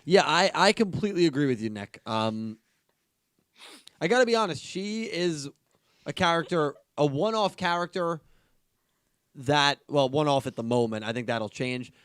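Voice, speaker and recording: A man's voice: on the high side, lively intonation, normal speed, a bit bright, clear, resonant tone, no echo, studio quality. A man hosting a casual podcast, thanking donors and rambling enthusiastically with frequent ums. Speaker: podcast host reading donations.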